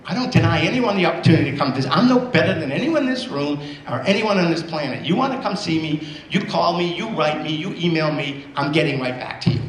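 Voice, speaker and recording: A man's voice: fairly high pitch, expressive, fast, hardly any pauses, slight background noise. A man in his sixties giving a motivational speech at a school assembly, telling stories and repeating key phrases for emphasis. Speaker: guest speaker at a school assembly. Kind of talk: motivational storytelling. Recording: roomy hall sound with faint ambience.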